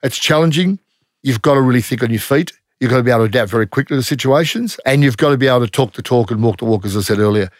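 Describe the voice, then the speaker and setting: Blunt Australian ex-undercover cop. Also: male voice, medium pitch, rapid-fire, no room sound, studio quality. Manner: blunt, matter-of-fact, slangy, acts out quoted voices. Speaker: former undercover police officer. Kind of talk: casual interview storytelling.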